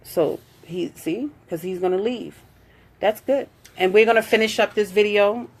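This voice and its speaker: A mid-range female voice at normal speed belongs to a woman running a casual live video. She chats, reads out comments from viewers with a warm hello to each, and coaches her daughter in a motherly manner.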